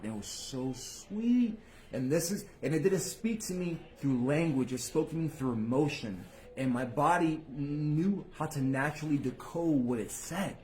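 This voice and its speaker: A channel host addresses his viewers casually, using street slang and plenty of swearing. His delivery shifts between quiet muttering and sudden loud outbursts.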